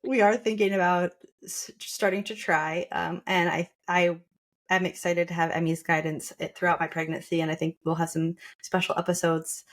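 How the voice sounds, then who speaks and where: Low-voiced young woman, reflective podcast chat. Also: flat delivery, normal speed. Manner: reflective, with frequent restarts and laughter. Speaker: podcast co-host sharing her birth story. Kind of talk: casual conversational podcast.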